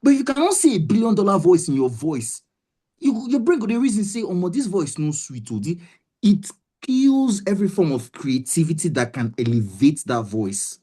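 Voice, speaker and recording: Nigerian woman voice coach, low and mellow, swinging pitch, pushy motivational delivery. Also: expressive, moderate pace, husky. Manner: emphatic, repeats herself, keeps asking "do you understand". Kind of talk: motivational webinar talk.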